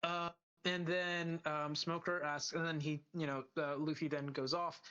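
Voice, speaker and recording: A man's voice: a little high, little pitch movement, measured pace, bright, forceful tone, clean tone, muffled recording. A man co-hosting a podcast, recapping an episode casually with lots of fillers and restarts. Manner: rambling, full of fillers and restarts. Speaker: podcast co-host.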